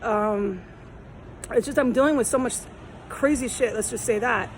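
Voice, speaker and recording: A woman's voice: fairly high pitch, moderate pace, a little hiss or hum, rough recording. A woman filming herself outdoors on a city street, talking in a rambling, aggrieved, repetitive way while hot and tired. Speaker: vlogger. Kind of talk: rambling walk-and-talk vlog.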